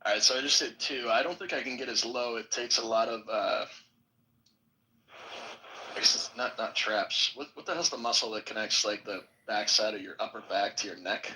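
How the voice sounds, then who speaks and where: A man's voice: fairly low pitch, normal speed, pushed and bright, poor audio. A man hosting a casual podcast, rambling with lots of fillers and poking fun at himself. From United States. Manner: rambling, self-deprecating, many fillers. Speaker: podcast host. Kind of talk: casual group chat.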